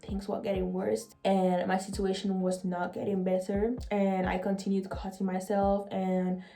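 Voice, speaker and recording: A young woman vlogger telling a personal story in an earnest, halting way, emotional and often repeating her words. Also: mid-range voice, monotone, vocal fry, mellow.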